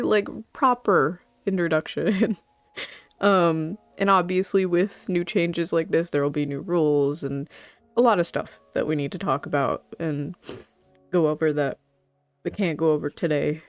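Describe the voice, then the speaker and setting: A woman streaming to her chat, tearful and halting, rambling with nervous laughs between her words. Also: lowish voice, dry recording. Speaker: VTuber streamer. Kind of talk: emotional livestream talk to chat.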